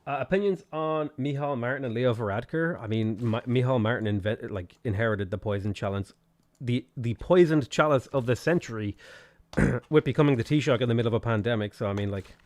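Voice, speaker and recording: A man with an Irish accent chatting casually on a game stream, reading viewer messages aloud and answering them as he plays. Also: mid-range voice. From Ireland. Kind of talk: casual gaming stream chat.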